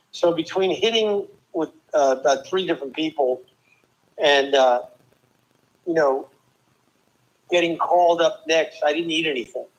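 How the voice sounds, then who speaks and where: An older man from New Jersey, a former tennis player and guest, telling lively stories with quick asides and restarts. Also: a little high, muffled recording. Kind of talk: casual storytelling interview.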